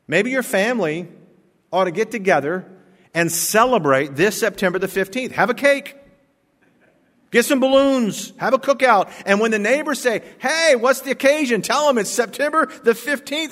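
A man's voice: sits high, fairly bright tone. Man, pastor, sermon, earnest storytelling, emphatic peaks, long church reverb. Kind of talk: sermon with read-aloud story.

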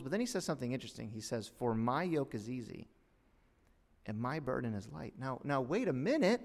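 A man preaching a sermon as a pastor, dramatic, swinging between hushed lines and loud outbursts, with mocking asides. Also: medium pitch, very animated, moderate pace, pauses often, big-room sound.

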